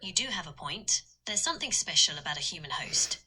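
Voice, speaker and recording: A computer-generated woman's voice of an AI assistant, answering in an even, polite, agreeable manner. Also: low voice, brisk. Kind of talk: chatbot conversation.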